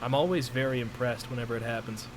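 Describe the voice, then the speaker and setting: A man's voice: medium pitch, fast, noisy background. Rambling young man chatting on stream. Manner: relaxed, rambling, full of fillers. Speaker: streamer host. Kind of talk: casual chat on stream.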